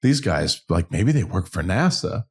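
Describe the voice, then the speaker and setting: A man's voice: deep voice, big pitch swings, normal speed, slightly rough. A man in his fifties, an interview guest, telling a personal story in a frank, self-deprecating way. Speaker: interview guest, singer-songwriter and business owner.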